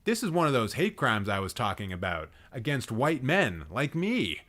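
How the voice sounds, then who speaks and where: Sarcastic man roasting, lively and bright. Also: medium pitch, normal speed, hardly any pauses. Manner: exasperated, sarcastic, swears a lot. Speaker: livestream host. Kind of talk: live roast commentary.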